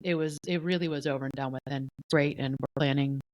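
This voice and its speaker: A middle-aged woman co-hosting a podcast, telling a personal story in a candid, animated way and acting out what others said. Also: very deep voice, brisk, no echo, dull audio. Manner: candid, animated, often voices the people she quotes. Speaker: podcast co-host.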